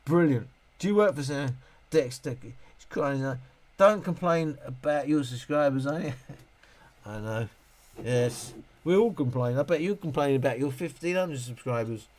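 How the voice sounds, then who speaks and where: A livestream host reviewing speakers rambles and jokes casually, moaning, laughing often, and swearing. His medium-pitched voice is expressive and a little mellow, at normal speed.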